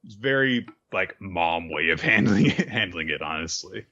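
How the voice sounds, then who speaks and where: Animated low-voiced man recapping. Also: moderate pace, lo-fi sound. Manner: animated, acts out scenes, swears. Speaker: podcast co-host. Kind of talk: casual recap chat.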